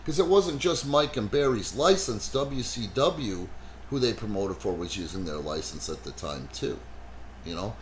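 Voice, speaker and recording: A man hosting a wrestling podcast, telling stories in a blunt, profane, animated way with lots of "you know.". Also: fairly low pitch, moderate pace, slight background noise. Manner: animated, swears heavily, frequent "you know". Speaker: wrestling promoter and podcast host. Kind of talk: casual profane podcast storytelling.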